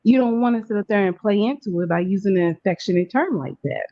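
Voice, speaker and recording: A woman's voice: mid-range voice, fast talker, no room sound. A woman on a casual group call explaining her point earnestly, heard through dull, lo-fi call audio.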